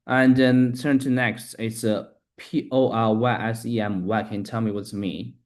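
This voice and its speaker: A man learning English, talking haltingly, restarting sentences and spelling words letter by letter. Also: medium pitch, fairly even intonation, a little mellow. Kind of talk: casual practice conversation.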